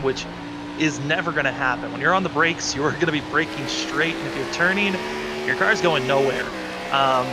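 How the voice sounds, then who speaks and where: A man doing color commentary on a sim racing broadcast, explaining driving technique at length. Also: fairly high pitch. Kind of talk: live race commentary. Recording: noisy stream audio.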